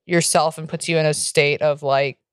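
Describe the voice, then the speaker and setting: Young woman podcast co-host, low smooth voice, dry close sound, candid and swearing, rambling with fillers. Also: steady tone, moderate pace, dry recording. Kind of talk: casual chat.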